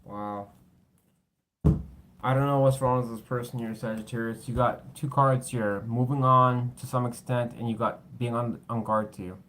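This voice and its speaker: A man's voice: medium pitch, fairly even intonation, moderate pace, fairly bright tone. A man doing a casual tarot reading, blunt and swearing freely, tired, with his voice cracking. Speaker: tarot reader.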